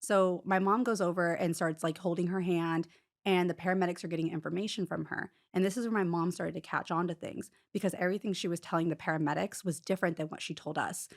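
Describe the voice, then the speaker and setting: Woman retelling a story, lots of "like". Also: lowish voice. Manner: rapid, animated retelling full of "like" fillers and restarts. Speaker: guest telling her own story. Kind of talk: casual storytelling in an interview.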